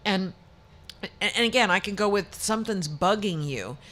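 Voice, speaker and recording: A woman's voice: medium pitch, animated, normal speed, a bit bright. A woman giving a tarot reading as a show guest, chatty and reassuring, often restarting her sentences. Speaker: psychic reader.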